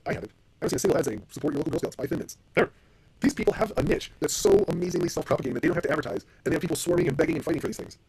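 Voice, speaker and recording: A man's voice: on the high side, lively intonation, very fast, vocal fry, a little mellow, breathy edge. A middle-aged man hosting a casual solo podcast, blunt and profane as he rants about business. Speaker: podcast host.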